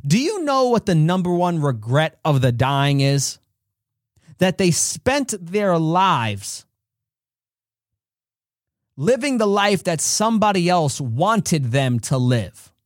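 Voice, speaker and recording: A man's voice: on the high side, very animated, slow pace, pauses often, dry recording, studio quality. A man hosting a podcast, giving an earnest, direct faith-based motivational talk full of stories. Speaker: podcast host.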